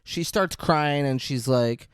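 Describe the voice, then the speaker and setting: A man's voice: mid-range voice, takes it slowly, clean tone, no room sound, studio quality. A man co-hosting a podcast who trades blunt, profane banter about a film. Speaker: podcast co-host. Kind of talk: casual movie review chat.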